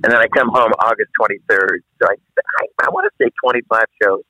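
On speakerphone in a moving car, a guest rock singer gives a casual phone interview, rambling loosely and laughing easily. His voice is fairly low and bright, with a forceful tone and a fast pace, and the recording is dry and comes over a phone line.

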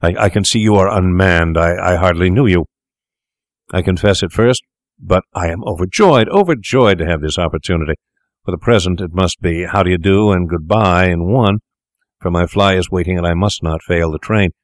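A man's voice: deep voice, moderate pace, dry recording, clean studio sound, lightly acted. A man reading a story aloud, voicing an elderly doctor who stammers and hurries through flustered, fawning talk. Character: sharp-tongued elderly male doctor, startled, flustered. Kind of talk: audiobook reading.

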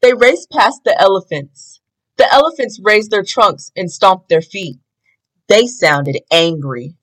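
A woman reading a children's picture book aloud in an expressive, deliberate way. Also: medium pitch, rough recording. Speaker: storybook reader.

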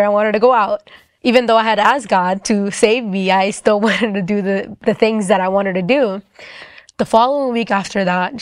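Her voice smooth and mid-range, a young woman shares a personal testimony in casual talk, filling it with "like" and acting out the quoted speakers. The recording is clean studio sound with no echo.

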